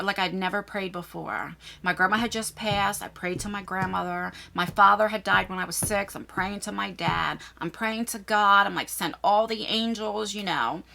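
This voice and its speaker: Bright-voiced woman telling an emotional story. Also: mid-range voice, gravelly. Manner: rambling, emotional retelling with many restarts. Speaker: vlogger.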